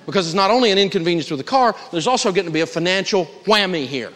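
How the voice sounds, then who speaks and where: A man's voice: sits high, expressive, racing, fairly bright tone. A man teaching personal finance to a live audience, emphatic, humorous and folksy as he tells stories. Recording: reverberant lecture hall.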